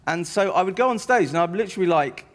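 Comedian telling stories. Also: male voice, high-pitched, expressive, quick pace, fairly bright tone. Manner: rambling, self-deprecating storyteller. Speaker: comedian guest. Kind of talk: anecdotal interview chat.

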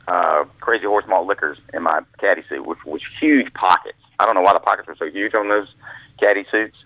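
A man's voice: low voice, fairly even intonation, fairly quick, no echo. A man, an author and former caddy, telling rambling, folksy stories as a guest over the phone. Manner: rambling, folksy storyteller with restarts. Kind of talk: storytelling phone interview. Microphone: telephone. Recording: tinny phone line, dry.

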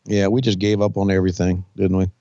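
A man's voice: sits low, level tone, quick pace, mellow, no room sound, lo-fi sound. A man in his sixties co-hosting a podcast, talking bluntly and profanely with dry jokes. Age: 60s. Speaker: podcast co-host, former wrestling figure. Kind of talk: casual podcast banter.

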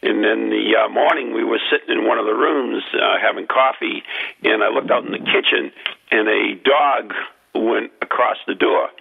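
A man's voice: fairly low pitch, moderate pace, gravelly, breathy edge. A man telling a ghost story in a casual chat, hesitant, with many ums and uhs. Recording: tinny phone-line audio.

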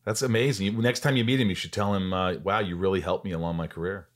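A man's voice: sits low, fairly even intonation. A man hosting an interview podcast, chatting casually and reacting eagerly to his guest. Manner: enthusiastic, jumps in with reactions and quick questions. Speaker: podcast host.

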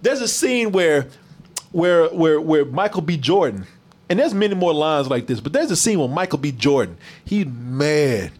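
A man hosting a casual movie review stream, animated, profane and mocking. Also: on the high side, moderate pace.

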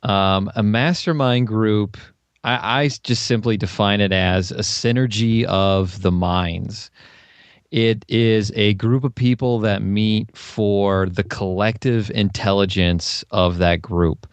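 A man's voice: on the low side, fairly even intonation, slow, no echo. A man as a podcast guest in casual interview chat, enthusiastic and explaining with sports analogies.

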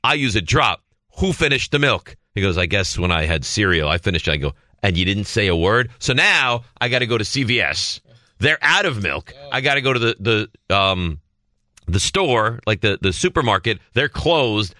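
A man cohosting a sports talk show, spinning animated everyday stories between plugs. His voice is bright and forceful. The sound is dry and close. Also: on the low side, no room sound. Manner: animated storyteller, reads ad copy quickly. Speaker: radio sports talk host. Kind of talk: casual sports radio banter.

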